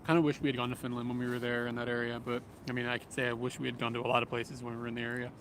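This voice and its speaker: A man's voice: medium pitch, very fast. A man livestreaming while walking outdoors in a city, chatting casually with viewers and chuckling often, recorded on a small camera-mounted mic. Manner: relaxed, rambling, chuckles often. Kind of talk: casual livestream chat, reading viewer comments. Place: outdoors in a city, near train tracks. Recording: outdoor street and train noise. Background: passing vehicles and trains.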